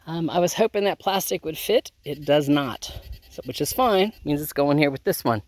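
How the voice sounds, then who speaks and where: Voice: mid-range voice, animated, moderate pace, no room sound. Chatty gardener vlogging outdoors. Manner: chatty, thinks aloud, many ums. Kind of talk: casual chat to camera while working. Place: outdoor garden and hoop tunnel.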